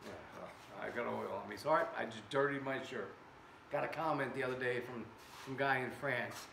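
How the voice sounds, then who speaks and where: Gravelly guy rambling and joking at his workbench, echoey shop, noise in the background. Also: mid-range voice, fairly even intonation, moderate pace, bright, forceful tone. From America. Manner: chatty, joking asides to viewers. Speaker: shop owner testing air guns on camera. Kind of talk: casual workshop vlog. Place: indoor workshop. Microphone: camera set far away.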